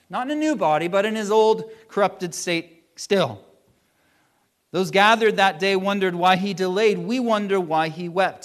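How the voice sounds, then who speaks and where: A man preaching a sermon in an earnest way, slowing down on key phrases and letting his voice rise and fall. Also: sits high. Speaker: pastor.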